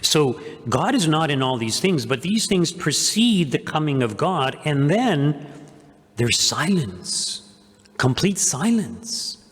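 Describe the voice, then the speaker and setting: A man's voice: fairly high pitch, sing-song, a little slow, fairly bright tone. A man preaching a homily at Mass as pastor, earnest, with emphatic repeated phrases. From Canada. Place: church. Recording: echoey church with long reverb.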